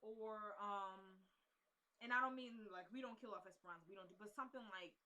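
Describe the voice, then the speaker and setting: A young woman talks straight to her camera from home, giving her opinions on a TV drama in a loose, chatty way. Her voice is bright and forward, and she fills her sentences with "you know" and "like". She sounds opinionated and fully at ease. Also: mid-range voice, fairly quick, poor audio. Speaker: vlogger reviewing a TV drama. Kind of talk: casual talking-head commentary. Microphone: camera built-in mic.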